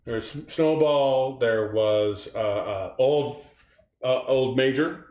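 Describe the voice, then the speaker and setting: A man co-hosting a comedy show, playfully quizzing his partner with animated line readings. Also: mid-range voice, slow. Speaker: co-host. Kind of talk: casual comedy banter, quoting pig characters. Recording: echoey room.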